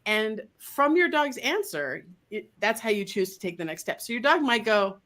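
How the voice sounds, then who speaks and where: A woman dog trainer, a guest on an interview, explaining her method in a casual, animated way and slipping into voices for dogs. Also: fairly high pitch, normal speed.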